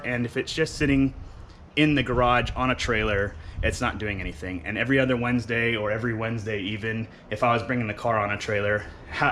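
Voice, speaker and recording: A man's voice: mid-range voice, slight background noise. A young man giving a casual, rambling walkthrough of his engine in his home garage, with plenty of ums. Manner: relaxed, rambling with many ums. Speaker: car builder showing his engine.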